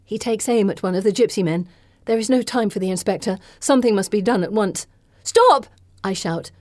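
A woman reading a first-person audiobook narration with an expressive, dramatic delivery. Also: medium pitch, fairly quick, dry recording.

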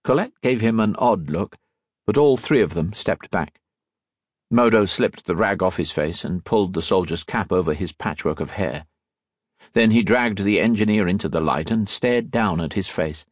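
Male audiobook narrator, low pitch, husky, measured, dry close mic. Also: dry recording. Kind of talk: scripted narration.

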